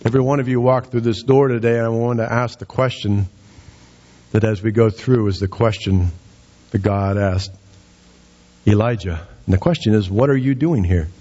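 A man preaching a sermon as pastor, rising in pitch to act out quoted lines with dramatic emphasis. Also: fairly even intonation, moderate pace, long pauses, dark tone. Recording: dull, muffled sound.

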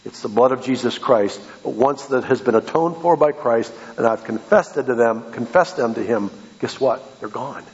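A man preaching a sermon to his congregation as their pastor, swinging from loud, high exhortation down to soft, low tones. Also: normal speed, hardly any pauses, long reverb tail, lo-fi sound. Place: church sanctuary.

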